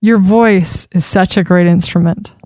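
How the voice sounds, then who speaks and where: A woman giving an instructional talk on public speaking, expressive and demonstrating pitch changes as she teaches. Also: a little slow, no echo, clean studio sound. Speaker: speaking coach.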